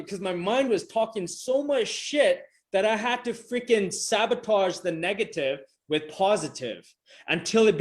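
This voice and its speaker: A middle-aged man giving a motivational coaching talk over a video call, emphatic and repetitive, casual and swearing freely. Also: high-pitched. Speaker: motivational coach presenting a session. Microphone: video call microphone.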